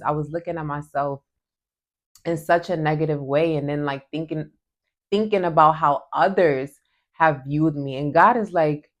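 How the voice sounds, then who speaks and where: A woman's voice: low-pitched, measured pace. A woman giving a heartfelt devotional talk, earnest and emotional, often saying "like" as she goes. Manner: earnest and emotional, many "like" fillers. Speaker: Christian devotional vlogger.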